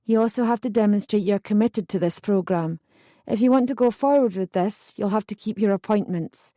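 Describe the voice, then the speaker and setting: A woman's voice: medium pitch, fairly quick, warm tone, no echo, studio quality, close to an everyday voice. A woman playing a frank no-nonsense drug counsellor. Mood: businesslike. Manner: frank, businesslike.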